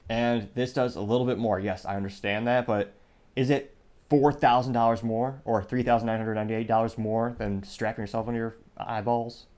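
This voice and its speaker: A man's voice: on the low side, a little mellow. A man hosting his own podcast, talking through tech news in a loose, sarcastic monologue full of asides and restarts. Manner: sarcastic, self-interrupting, digressive. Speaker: podcast host. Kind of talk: casual commentary monologue.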